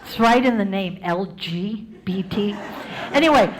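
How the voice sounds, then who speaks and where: A woman comedian from the United States telling a stand-up story in a wry, animated way, wandering into tangents. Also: medium pitch, unhurried, slight background noise.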